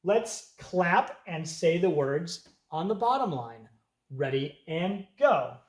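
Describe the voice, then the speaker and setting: An elementary music teacher teaching young children, speaking slowly and patiently and counting beats aloud. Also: medium pitch, expressive, reverberant, noisy background.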